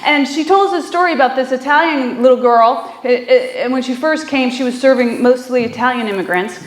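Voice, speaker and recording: A woman's voice: high voice, brisk. A woman minister giving a conversational sermon, telling stories with frequent fillers and easy laughter. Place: small church hall. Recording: echoey room.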